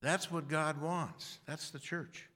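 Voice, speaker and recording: A man's voice: on the high side, steady tone, slow, bright, forceful tone. Older male preacher, loose rambling sermon delivery, frequent restarts. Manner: rambling, self-deprecating, frequent restarts and throat clearing.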